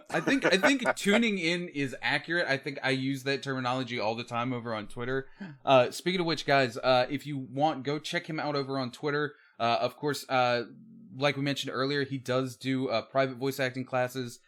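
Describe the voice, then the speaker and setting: A man's voice: mid-range voice, fairly even intonation, normal speed, fairly bright tone. A man hosting a livestream interview in a casual, friendly way, with lots of ums and uhs. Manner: casual, friendly, filler-heavy. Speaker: host.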